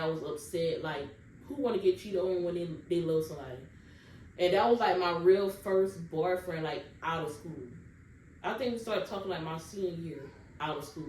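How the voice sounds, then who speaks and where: A woman's voice: fairly low pitch, darkish tone. Chatty young woman telling a storytime vlog. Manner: chatty, keeps addressing viewers directly. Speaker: vlogger. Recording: roomy, distant mic, faint background noise.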